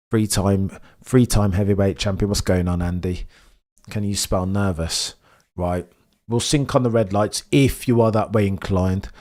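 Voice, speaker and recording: A young man hosting a live race watchalong stream, talking straight to his chat, quiet and nervous one moment, loud and excited the next. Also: sits low. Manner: chatty, talks straight to his viewers; swings from hushed nervous mumbling to loud excited shouting. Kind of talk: live sports watchalong commentary.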